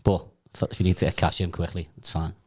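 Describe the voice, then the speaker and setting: Young man, quick and sweary, casual podcast chatter. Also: deep voice, little pitch movement, very noisy. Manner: fast, sweary, laughing storyteller. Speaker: podcast guest comedian. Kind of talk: casual chat.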